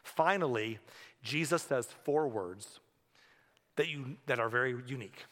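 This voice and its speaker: A man's voice: medium pitch, lively intonation, measured pace, fairly bright tone. A male pastor preaching a sermon in a conversational, storytelling way with humorous asides. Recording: long hall reverb.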